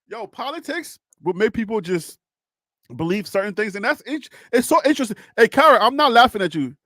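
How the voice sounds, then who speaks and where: High-voiced man talking politics casually. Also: animated, normal speed, a bit bright, dry recording, clean studio sound. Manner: chatty, laughs often, repeats phrases while thinking. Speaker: political commentary host. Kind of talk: casual political talk to a viewer.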